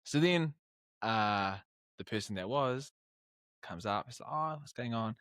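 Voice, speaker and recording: Recorded dry with studio quality and a clean tone, a young New Zealander talks at a measured pace in a fairly low voice. He's a guest on a podcast, casually telling stories and animatedly performing the lines of the people involved.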